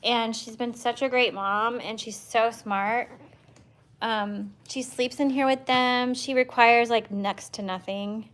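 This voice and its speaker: A woman with a fairly high voice hosts a casual livestream from her home as a dog breeder. She rambles along with fillers and restarts. Now and then she slips into cooing baby talk for her dogs. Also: fairly even intonation, slow, a bit bright. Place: at home with a litter of puppies.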